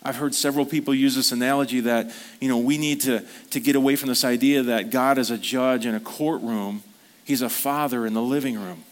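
A man preaching a sermon at a church service, speaking earnestly in a conversational storytelling manner. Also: medium pitch. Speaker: pastor.

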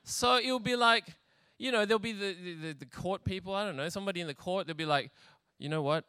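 Male preacher, casual and funny, crisp bright tone, dry close sound. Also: high voice, quick pace, dry recording. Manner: chatty, laughs often, acts out scenes. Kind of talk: humorous sermon storytelling.

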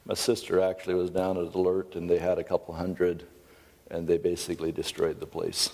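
A man's voice: deep voice, completely flat delivery, a little fast, gravelly, darkish tone, long reverb tail. A middle-aged man teaching at a Christian seminar, speaking emphatically and earnestly, with self-deprecating asides.

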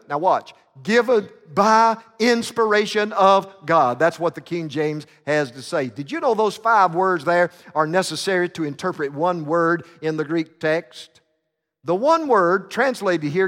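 A man's voice: sits high, fairly bright tone. Man preaching in a reverberant church. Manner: dramatic storytelling with many fillers and restarts. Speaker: pastor. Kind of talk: sermon. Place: church sanctuary. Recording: long reverb of a church sanctuary.

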